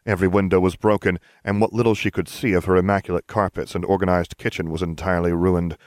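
Deep voiced guy reading a story, lots of pitch movement, dry close mic. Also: little pitch movement, quick pace, darkish tone, dry recording. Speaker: narrator. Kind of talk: fan fiction audiobook reading.

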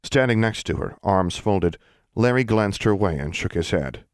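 A very deep-voiced man narrates a fantasy audiobook, reading from a script in a steady, measured way. The recording is dry and close, with no sense of a room around it.

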